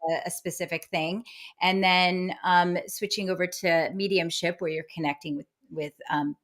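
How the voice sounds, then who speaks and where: A woman's voice: on the low side, fairly even intonation, normal speed, fairly bright tone. A woman who is a guest medium, chatting cheerfully with many filler words and frequent laughs. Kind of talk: casual interview chat.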